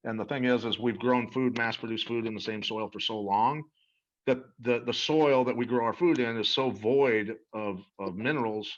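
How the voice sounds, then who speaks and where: A middle-aged man of medium pitch speaks at a normal speed, recorded with lo-fi sound. He's a guest in an interview, telling animated stories about a product earnestly and emphatically and often repeating words.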